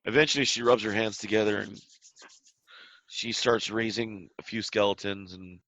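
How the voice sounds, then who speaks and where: A man's voice: on the low side, fairly even intonation, normal speed, a bit bright, no room sound, dull audio. A man narrating a tabletop game as game master, describing scenes in a loose style with restarts.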